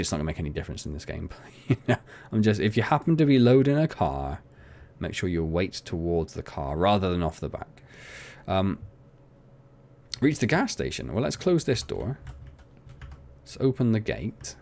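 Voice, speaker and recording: A man's voice: sits low, very animated, moderate pace, darkish tone. A young man chatting casually and rambling as he plays through a farming game, poking fun at himself. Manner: chatty, rambling, self-mocking. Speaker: gaming channel host. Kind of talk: casual let's play commentary.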